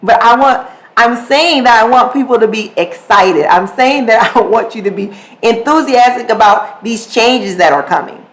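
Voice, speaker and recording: A woman hosts a solo podcast about communication, her voice a little high and her speed normal, though the recording is rough. She talks conversationally and with animation, acting out short examples along the way.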